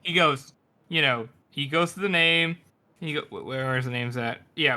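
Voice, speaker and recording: Male podcast co-host, crisp bright tone, blunt and casual, swears. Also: a little high, moderate pace. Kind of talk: casual book discussion.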